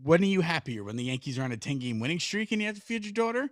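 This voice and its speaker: A man co-hosting a casual sports podcast, venting his frustration in a profane rant that builds to near shouting. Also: on the high side, big pitch swings, very fast, no room sound, studio quality. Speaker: podcast co-host.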